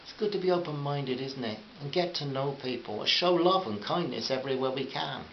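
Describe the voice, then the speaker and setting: A man reading a short story aloud in a gentle, friendly way, addressing listeners as friends. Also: mid-range voice, a little fast, gravelly. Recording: muffled roomy recording with faint hiss.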